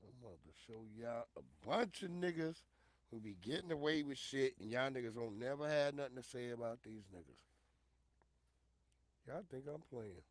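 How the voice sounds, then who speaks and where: A man giving loud, profane, animated commentary on a casual livestream. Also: mid-range voice, normal speed, no room sound. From Northern Virginia. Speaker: streamer commentator.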